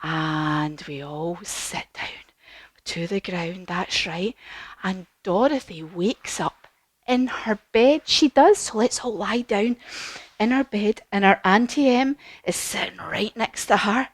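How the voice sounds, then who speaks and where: A woman leads a children's yoga class by telling a story. She speaks in an encouraging, sing-song way at a mid pitch, and the sound is dry and close. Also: unhurried, slightly rough, dry recording. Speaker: kids yoga teacher.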